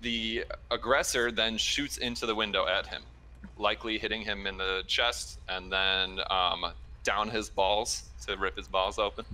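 Man, nurse guest, casual storyteller, lowish voice, crisp bright tone. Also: measured pace. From Chicago area. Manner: relaxed storytelling with fillers and laughs. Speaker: ER trauma nurse, caller. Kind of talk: casual chat.

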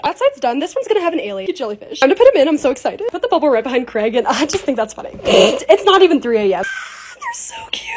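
Bubbly, high, fast-talking young woman. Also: a little mellow, a little hiss or hum. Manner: bubbly, gushing over cute things. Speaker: content creator. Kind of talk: voice-over vlog narration.

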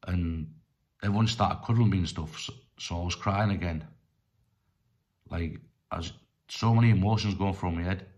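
A middle-aged man telling a personal story in a rambling, halting way, full of restarts and fillers. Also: deep voice, darkish tone, muffled recording. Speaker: storyteller vlogger.

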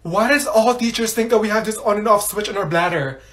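A man's voice: high-pitched, a little fast, a bit bright. Whiny mouthy teen girl, guy doing the voice, sassy back-talk. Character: mouthy teenage schoolgirl.

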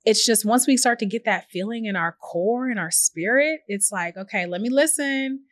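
A woman guest on a podcast, talking earnestly and reflectively with lively quoted asides. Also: mid-range voice, moderate pace, dry recording. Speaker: podcast guest, tech journalist and founder. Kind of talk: reflective conversational interview.

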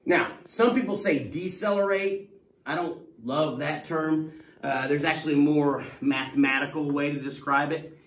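A man teaching a class in a playful, excitable, jokey way. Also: on the high side. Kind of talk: classroom lesson. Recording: echoey room, mic at a distance.

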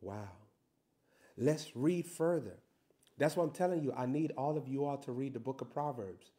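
A man preaching a sermon, reading scripture slowly and building to loud, shouted emphasis. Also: medium pitch.

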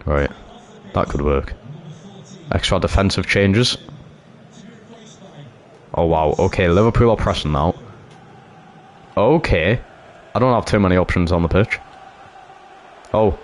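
A man giving live commentary over a football game he is playing, excitable and quick to cheer or groan. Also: low-pitched. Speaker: gaming YouTuber.

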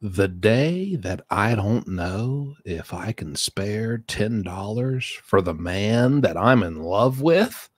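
A man reacting with biting sarcasm, his voice dropping to low mutters and then rising into loud mocking pleas. The sound is dry and close, with no room around it. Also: expressive, slow pace, few pauses, no echo. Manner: sarcastic, mocking, swings between mumbling and exasperated outbursts. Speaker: commentator reacting to a prison call recording. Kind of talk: satirical reaction commentary.

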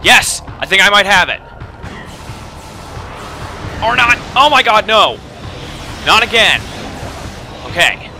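A young man commentating his own video game run, swinging between frustrated shouting and swearing and calm explanations of tactics. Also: high-pitched, slow pace, long pauses, soft background music. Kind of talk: let's play commentary.

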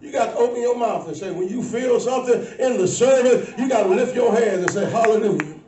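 A woman preaching a sermon to a congregation, shifting between low asides and loud shouting. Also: brisk, far from the mic. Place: church sanctuary. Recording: echoey church, mic from afar. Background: faint congregation.

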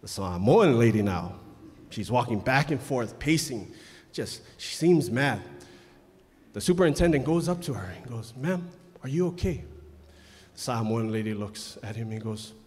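A man hosting a live pageant speaks into a microphone with an animated, mid-range voice at normal speed, chatty and storytelling as he makes loud announcements and tells a long joke. The large indoor event hall gives long reverb.

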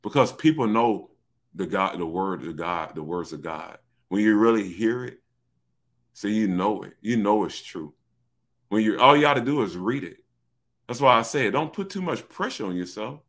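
A man teaching an informal Bible study, excitable, often repeating himself and calling to his listeners. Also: fairly low pitch, moderate pace. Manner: excitable, repeats "look", addresses listeners as baby.

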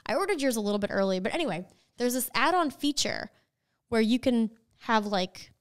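A woman's voice: on the high side, expressive, fairly quick. A woman co-hosting a podcast in casual chat with her sister, telling stories with lots of "like" and dramatic gasps. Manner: chatty storyteller, lots of "like" and gasps. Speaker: podcast co-host.

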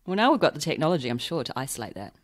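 A man's voice: a little high, sing-song, racing. A man hosting a podcast, chatting casually with a guest in a friendly, giggly, playful way. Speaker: podcast host. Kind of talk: casual conversational interview.

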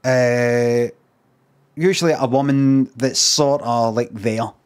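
A Scottish man chatting on a live stream, spinning a loose, rambling anecdote peppered with swearing. His voice sits at an ordinary middle pitch and stays relaxed. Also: takes it slowly, clear, resonant tone. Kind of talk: casual storytelling on a live stream.

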